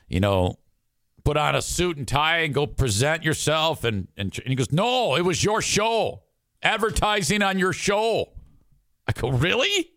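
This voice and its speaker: A man's voice: a little high, dry recording, studio quality. A man hosting a radio show, telling a casual story and acting out the people he quotes, with some swearing. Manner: animated, acts out quoted people with shifting voices.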